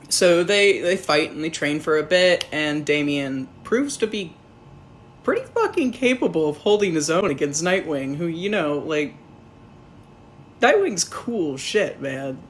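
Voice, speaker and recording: A man's voice: high-pitched, a little hiss or hum. A man casually reviewing a film in a rambling, profane, sarcastic way.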